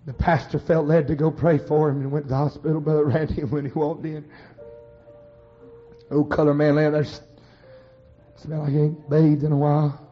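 A man preaching a fervent storytelling sermon, dramatic and swinging from hushed to shouted. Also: on the high side, level tone, moderate pace, long pauses, faint music behind. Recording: dull lo-fi recording.

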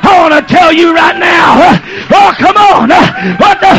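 A preacher doing a frazzled doorkeeper yelling orders at a rowdy congregation, his voice pitched high and strained. He barks short commands in a rush. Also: expressive, measured pace, a loud crowd, poor audio. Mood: exasperated. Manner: frantic shouted commands. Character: flustered church doorkeeper scolding noisy worshippers.

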